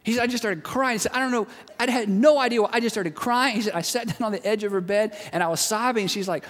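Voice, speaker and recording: A man preaching a sermon to a large congregation, telling stories in a relaxed, conversational way and retelling a friend's words. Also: high-pitched, fast talker. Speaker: pastor. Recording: long reverb of a large hall.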